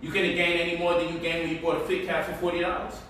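A man's voice: fairly high pitch, completely flat delivery, fast, fairly bright tone, a little hiss or hum. A man hosting a casual livestream, teaching stock investing in a loose, joking, slangy way from his home. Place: home, indoors. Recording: echoey room, mic at a distance.

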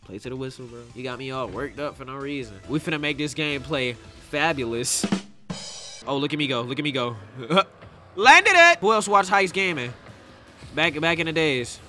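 A young man streaming a game, chatting casually and yelling at his teammates. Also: medium pitch, normal speed, soft background music. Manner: trash-talking, breaks into loud yelling at teammates. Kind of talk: casual gameplay commentary.

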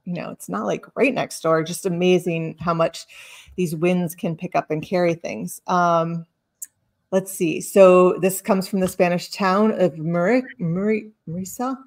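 Chatty woman with a low voice. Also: steady tone, a little slow, a little mellow. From lives in Sicily. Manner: chatty, explains with many fillers and self-corrections. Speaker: cheese box host. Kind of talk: casual cheese tasting chat.

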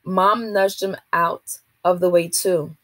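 A woman, a teacher, reading a children's novel aloud to a class in a steady, expressive way. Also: lowish voice, takes it slowly, no echo.

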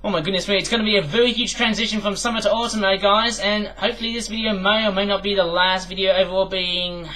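A man's voice: high-pitched, level tone, fast, few pauses, sharp tone, rough recording. A man from the UK reviewing toys in a casual, rambling vlog, chatting with many fillers. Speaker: toy review vlogger.

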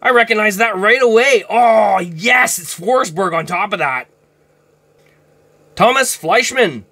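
A man hosting a card-opening vlog, excitable and given to shouted exclamations and mild minced oaths. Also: high voice, a little slow. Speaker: hockey card channel host.

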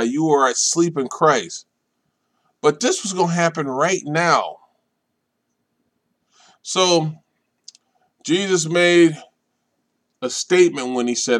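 A man with a fairly high voice leads a Bible study in a deliberate, emphatic way. He leans hard on key points and repeats them, then drops to a soft, low delivery. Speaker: minister leading Bible study.

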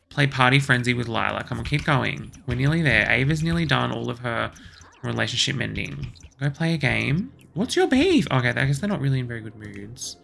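A woman's voice: very deep voice, creaky, a bit bright, slight background noise. A woman giving let's play commentary, exasperated and bossing her game characters around as she talks to herself. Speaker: gaming channel host.

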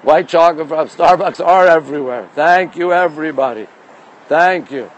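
A chatty middle-aged man with a somewhat high voice streams live from a phone as he walks city streets. He greets viewers, answers their comments as they come in, and tends to repeat his phrases. Traffic and street sounds are heard behind him. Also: normal speed, muffled recording. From Montreal, Canada. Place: outdoors on city streets at night.

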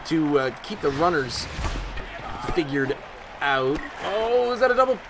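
Brief: excitable gaming man with a lively, bouncing voice, pitched a bit high, over loud game crowd noise. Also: measured pace. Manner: excitable, chatty, talks back at the game. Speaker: gaming YouTuber. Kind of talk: let's-play commentary.

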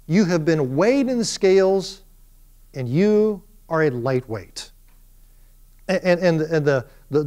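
A middle-aged male professor lectures in an animated storytelling way, slipping into the voices of the people in his stories. His voice sits a little higher than most men's. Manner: animated storyteller, acts out quoted speech. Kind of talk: classroom lecture.

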